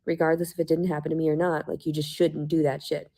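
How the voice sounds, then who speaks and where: A woman's voice: low voice, little pitch movement, fast, warm tone, breathy edge. A woman ranting to her viewers in a mocking, sarcastic way, swearing often and laughing to herself. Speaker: vlogger.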